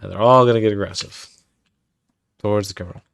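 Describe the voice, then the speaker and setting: A man's voice: on the low side, fairly even intonation, quick pace, creaky, fairly bright tone. A man casually talking through his game-building work on a livestream, muttering commands as he types. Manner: mutters commands aloud while typing. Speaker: streamer and game developer.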